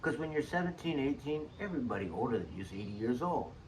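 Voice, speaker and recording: A man's voice: medium pitch, sing-song, fast talker. An older man telling chatty, jokey stories about old ticket stubs, drifting off topic as he goes. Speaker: vlogger sharing saved ticket stubs. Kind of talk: rambling personal storytelling. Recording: distant mic with faint background noise.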